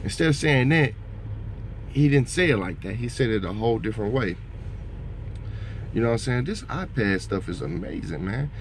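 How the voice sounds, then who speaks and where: A man's voice: medium pitch, animated, moderate pace, pauses often, a little hiss or hum. Rambling motivational truck driver, man. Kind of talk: casual vlog monologue.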